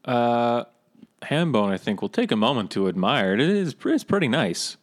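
A man's voice: medium pitch, big pitch swings, moderate pace. A man casually declaring his character's actions as a player in a tabletop game.

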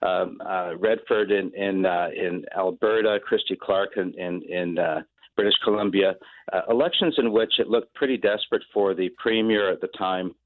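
A male political scientist speaks on a phone line in a very low voice. He halts often, with many fillers and repeated words. The sound is thin and dry. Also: fairly even intonation, no room sound. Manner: halting, full of fillers and repeats. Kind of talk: radio interview commentary.

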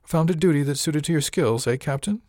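A man's voice: a little high, brisk, darkish tone, no room sound, studio quality, pitched above the performer's own voice, lightly acted. A man voicing a crude, leering male passenger who drawls his mocking jabs in an audiobook reading.

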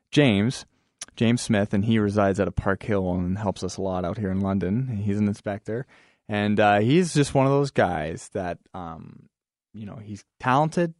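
A man's voice: on the low side, a little mellow, no echo, studio quality. A man appearing as a guest on a radio show, talking casually about his company in a rambling way with many fillers. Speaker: business owner as radio guest. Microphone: studio microphone.

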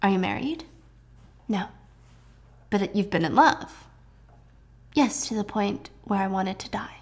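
A woman's voice: medium pitch, expressive, takes it slowly. A woman voicing a frank, easygoing young wife. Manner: casual, frank.

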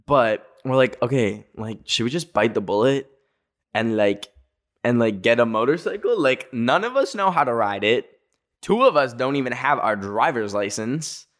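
A young man from North America hosts a podcast, telling a story in a mid-pitched voice. He talks with lots of "like" and breaks off for jokey asides to the listener. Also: lively intonation, normal speed, a bit bright. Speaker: podcast host.

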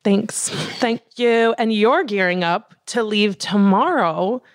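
A woman's voice: medium pitch, slow pace, no room sound. A young woman co-hosting a podcast, chatting casually and animatedly with lots of fillers. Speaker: podcast co-host. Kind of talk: casual chat.

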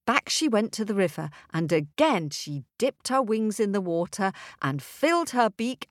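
A woman storyteller telling a folk tale in an expressive, rhythmic way. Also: medium pitch, normal speed, hardly any pauses, no room sound, studio quality. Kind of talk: storytelling for children.

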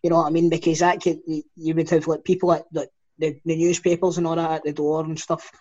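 A man's voice: a little high, flat delivery, fast talker, a little mellow, highs cut off. A Scottish man co-hosting a football podcast, talking in a loose, rambling way. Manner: rambling, loose, laughs along. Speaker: podcast co-host. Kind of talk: casual chat.

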